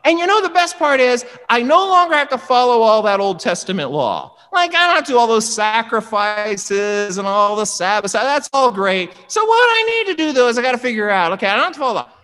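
Animated conversational preacher, lively pitch, hall reverb. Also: brisk, few pauses. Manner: animated, conversational, acts out dialogue. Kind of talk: sermon.

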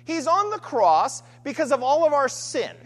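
A woman's voice: high voice, big pitch swings, moderate pace. A woman preaching a sermon, building repeated refrains and asking rhetorical questions. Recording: long hall reverb.

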